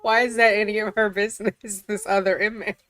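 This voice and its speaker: A woman's voice: medium pitch, level tone, fairly quick, fairly bright tone. A woman reading official documents aloud and breaking off for casual, incredulous commentary. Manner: chatty, incredulous, often laughing.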